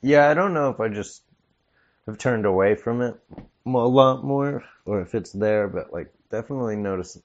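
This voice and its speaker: A man co-hosting a comedy podcast, playful and quick to laugh. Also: medium pitch, muffled recording. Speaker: podcast co-host. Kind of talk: casual comedic chat.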